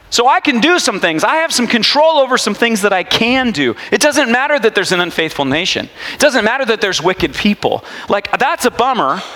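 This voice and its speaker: A man preaching a sermon as pastor, casual and animated, calling for amens. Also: sits high, big-room sound.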